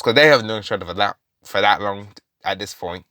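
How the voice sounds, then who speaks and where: A man's voice: fairly low pitch, normal speed, few pauses, pushed and bright, dry recording, studio quality. A man casually retelling a story, rambling with lots of fillers and restarts.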